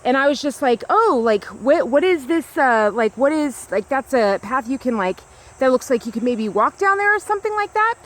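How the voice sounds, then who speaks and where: A woman's voice: sits high, sing-song, normal speed. A woman talking to a small camera outdoors on a grassy hill, in a rambling casual monologue full of "like" and restarts. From United States. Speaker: vlogger.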